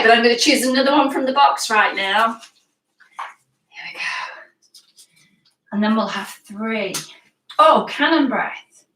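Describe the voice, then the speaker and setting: Slow, bright British woman leading kids' yoga. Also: mid-range voice, distant mic. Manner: encouraging, playful, slow and clear instructions. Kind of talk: guiding a children's yoga class live. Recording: echoey room, voice from away from the mic.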